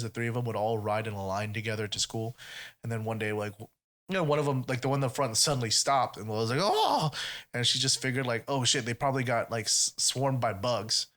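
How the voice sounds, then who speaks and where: A man's voice: mid-range voice, fairly bright tone. A man hosting a podcast, chatting casually and retelling stories with lots of swearing and quoted voices. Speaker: podcast host.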